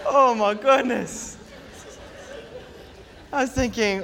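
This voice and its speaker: High-voiced preacher in a ringing hall. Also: male voice, slow pace, long pauses. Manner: animated storytelling with mock panic. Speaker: pastor. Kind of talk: sermon. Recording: long hall reverb.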